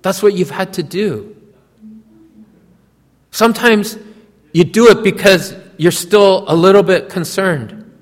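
A man's voice: sits high, slow pace, long pauses, in a large hall. A man preaching a sermon, telling a story and speaking directly to his listeners. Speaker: pastor.

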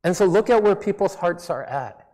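A pastor's high-pitched, warm voice stays animated at a normal pace as he preaches in a chatty, self-mocking way. His English shows a slight non-native accent, echoing with the long reverb of a church hall.

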